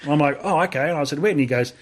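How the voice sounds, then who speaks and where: A man's voice: on the high side, racing. An Australian man, a veteran guest on a podcast, telling a story casually, acting out the dialogue and swearing freely. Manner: swears freely, animated retelling with quoted dialogue.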